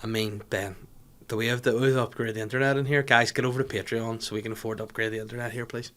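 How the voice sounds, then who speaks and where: A male podcast host races through a casual, comedic rant in a small studio, joking and swearing heavily. He sounds animated, with a voice sitting at a middle pitch for a man.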